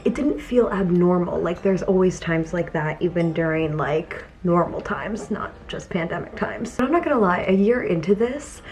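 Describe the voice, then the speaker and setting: A young woman talking casually to camera in a home vlog, chatty and laughing often, her voice sometimes dropping to a soft murmur. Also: lowish voice, expressive, normal speed, hardly any pauses. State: teary from crying. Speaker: vlogger. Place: home, indoors.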